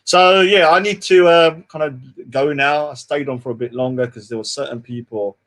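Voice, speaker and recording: A man's voice: a little high, normal speed, a bit bright. A man hosting a casual livestream, boastful and taunting, swearing often and trailing off into mumbles. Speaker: livestream host.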